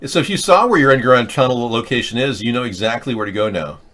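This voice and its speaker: A male host holds forth on a political commentary show in a rambling, sarcastic manner, jumping from point to point. His voice sits at an ordinary mid pitch for a man. He keeps the talk loose and opinionated. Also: fast, fairly bright tone.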